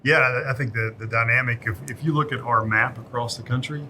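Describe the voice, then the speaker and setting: A man's voice: mid-range voice, fairly even intonation, a little fast, pushed and bright, a little hiss or hum. A man who leads in the company, talking casually on a podcast and often backing up the host. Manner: affirming, with many "yeah" and "mm-hmm" replies. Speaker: company leader and podcast guest.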